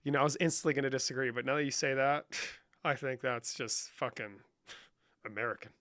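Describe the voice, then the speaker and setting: Bright-voiced young man trolling on stream. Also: medium pitch, a little fast. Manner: joking, trolling, profane banter. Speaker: livestream host. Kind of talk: casual livestream chat reading comments.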